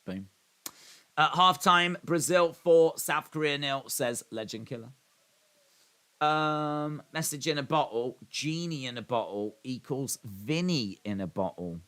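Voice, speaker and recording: A man's voice: fairly high pitch, measured pace, sharp tone. A man hosting a live watch-along stream. He reads chat messages aloud and rambles in a self-deprecating way.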